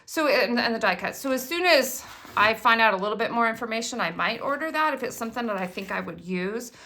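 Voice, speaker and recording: Bright, gushing woman unboxing craft supplies. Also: a little high, fast talker. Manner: gushing, excitable, chatty. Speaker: craft product demonstrator. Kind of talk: casual unboxing chat.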